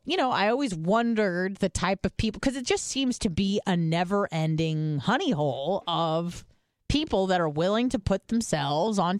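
A woman's voice: medium pitch, no echo, studio quality. A woman co-hosting a podcast, telling stories in casual chat and rambling loosely with lots of filler words. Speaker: podcast co-host.

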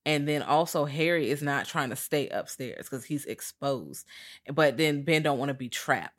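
A woman co-hosting a podcast, retelling a movie scene by scene in a casual, profane, animated way. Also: sits low, moderate pace. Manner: animated, profane storytelling with voiced quotes. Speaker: podcast co-host. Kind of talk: casual chat recapping a movie.

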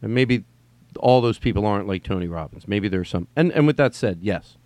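A man's voice: lowish voice, expressive, brisk, darkish tone, dry recording. A man hosting a podcast, talking in a loose, rambling way, swearing now and then and stopping to act out text messages. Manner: rambling, swearing, mimics texts in sing-song voice. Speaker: podcast host. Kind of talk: casual rambling podcast monologue.

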